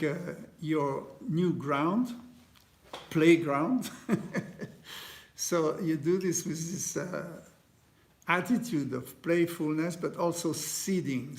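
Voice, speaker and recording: A man leading a guided meditation, speaking gently with many pauses, fillers and restarts, in slightly non-native phrasing. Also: on the high side. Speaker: meditation teacher.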